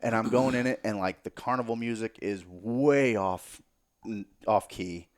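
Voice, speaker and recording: Speaking low and without hurry, this male podcast guest spins a story in an easygoing, animated way. He swears a lot and occasionally drops his voice nearly to a whisper.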